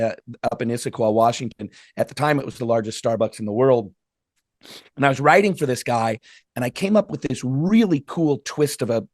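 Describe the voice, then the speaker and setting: A middle-aged man telling stories as a guest author in a podcast interview, lively and acting out the voices of people he quotes. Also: medium pitch, no room sound, studio quality. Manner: animated, acts out quoted voices.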